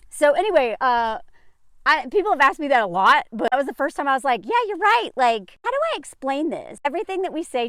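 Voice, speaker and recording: A woman talks straight to her viewers in a high, bright-pitched voice, casual and sarcastic. She laughs often and strings her thoughts together with plenty of "like". The sound is close and dry, with no room around it. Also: no echo. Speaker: commentary vlogger. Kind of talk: casual opinion commentary.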